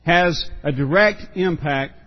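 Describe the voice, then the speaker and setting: A pastor preaching a sermon, earnest and emphatic, often repeating words for stress. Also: male voice, a little high, slow, lo-fi sound.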